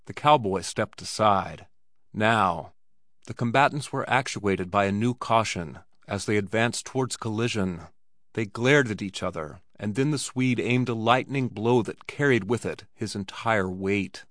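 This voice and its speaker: Man reading a classic story, low voice. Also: a bit bright, no room sound, studio quality. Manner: measured, dramatic reading. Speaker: narrator. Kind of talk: scripted story narration.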